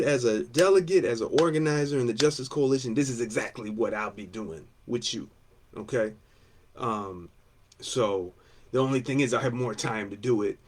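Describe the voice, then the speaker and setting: A man, a union steward, giving a blunt, combative campaign talk to coworkers, repeating his points between fillers. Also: mid-range voice.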